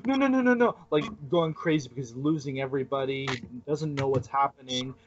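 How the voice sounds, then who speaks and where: A man with a slightly high voice hosts a casual podcast chat. He tells stories with animated energy and laughs often. The audio is dull and lo-fi. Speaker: podcast host.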